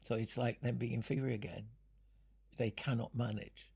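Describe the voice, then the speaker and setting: An older man from Jamaica, speaking in an interview, unhurried and fond of analogies, often breaking into laughter. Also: mid-range voice, little pitch movement, vocal fry, a little mellow, breathy edge. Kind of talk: reflective storytelling.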